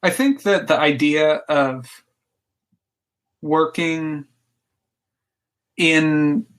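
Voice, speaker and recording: A game designer guesting on a podcast speaks extremely slowly in a fairly bright voice on the high side. In a casual interview chat, he rambles enthusiastically about his hobby, filling his speech with lots of "like."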